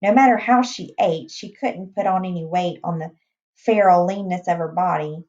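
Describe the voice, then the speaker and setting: A woman reading a novel aloud in a plain, unhurried way, with small restarts. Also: fairly low pitch, darkish tone. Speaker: reader. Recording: dull lo-fi recording.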